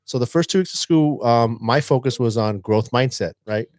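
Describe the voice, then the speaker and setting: Animated storytelling man, dry close mic. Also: mid-range voice, normal speed, dry recording. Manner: animated, acts out a student's lines. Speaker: teacher and podcast co-host. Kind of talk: casual storytelling chat.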